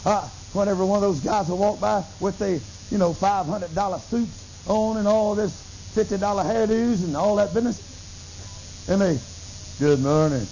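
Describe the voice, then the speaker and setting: A middle-aged man preaching a sermon, telling a story with lively acted-out dialogue. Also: high voice, moderate pace. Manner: animated storytelling, acts out dialogue, bursts into tongues. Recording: dull lo-fi recording with faint hiss.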